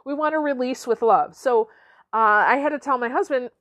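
A woman's voice: high-pitched, moderate pace, fairly bright tone, dry recording, clean studio sound. A middle-aged woman giving a conversational motivational talk as a coach, often checking in with "okay?" and "right?" and laughing now and then.

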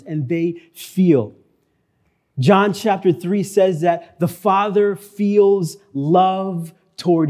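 A male pastor preaching a sermon in church, earnest, repeating key phrases and slowing down for emphasis. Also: high voice, dark tone.

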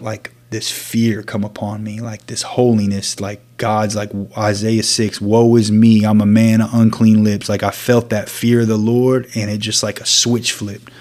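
A man earnestly telling his own story as an interview guest, halting and restarting often. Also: lowish voice, flat delivery. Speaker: guest sharing his testimony. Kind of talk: personal storytelling.

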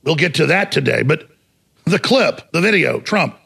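A fiery male talk show host in a heated, mocking rant, often bursting into shouts. His voice is raspy and gravelly, with a bright, sharp edge. His pitch sits high and swoops widely as he talks. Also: lively intonation, moderate pace. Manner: combative, mocking, shouts for emphasis.

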